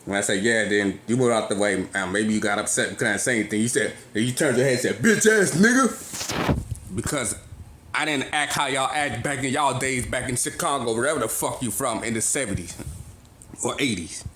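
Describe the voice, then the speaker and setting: A man in his thirties from California, ranting on a phone video with an agitated, rambling delivery that swings from loud to soft. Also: medium pitch, brisk, echoey room, noisy background. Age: 30s. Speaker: vlogger. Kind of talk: casual rant to phone camera. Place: grocery store.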